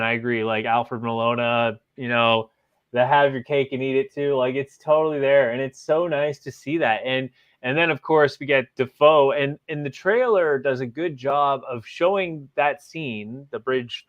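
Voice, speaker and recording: Podcast host guy, mid pitch, rambles a lot, kinda muffled audio. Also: a little slow, fairly bright tone. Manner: rambling, leans on "like" and "literally". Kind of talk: casual chat.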